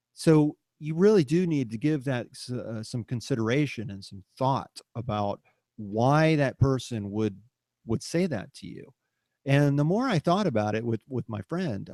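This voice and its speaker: A middle-aged man co-hosting a podcast, thinking aloud in halting, reflective phrases. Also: mid-range voice, dark tone, no room sound, clean studio sound. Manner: halting, restarts words while thinking aloud. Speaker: podcast co-host. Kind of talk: reflective casual chat.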